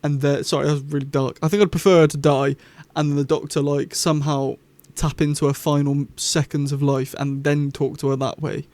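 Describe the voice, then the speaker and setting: A man's voice: on the high side, level tone, a little fast, hardly any pauses, a little mellow, no echo. A young man, hosting a casual vlog review in a rambling, chatty, enthusiastic way. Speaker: YouTube host.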